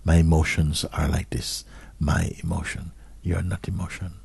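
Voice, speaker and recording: A man giving a slow, measured satsang talk as a spiritual teacher, often dropping to soft, hushed phrases. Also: sits low, little pitch movement, vocal fry, slightly rough, no echo.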